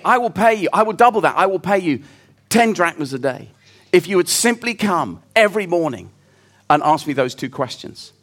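A man's voice: high voice, sing-song, normal speed, fairly bright tone. A man preaching a sermon, telling a story in an earnest, reflective way.

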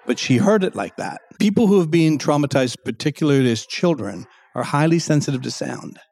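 A man's voice: a little high, expressive, brisk, creaky, hardly any pauses, a little mellow, dry recording. A man, a guest expert in an interview, explaining at length and acting out quoted speech in a raised voice.

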